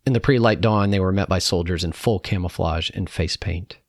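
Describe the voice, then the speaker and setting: A man with a deep, low voice reads a first-hand reflection in a calm, measured way. The recording is close and dry, with no room sound around him. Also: dry recording. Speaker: narrator. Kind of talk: reading a personal reflection aloud.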